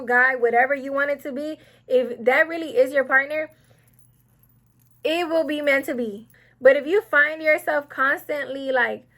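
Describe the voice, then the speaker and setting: A woman's voice: sits high, fairly bright tone. A young woman chatting casually while doing her makeup, rambling and getting sidetracked as she gives advice. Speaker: beauty vlogger. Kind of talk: casual get-ready-with-me chat.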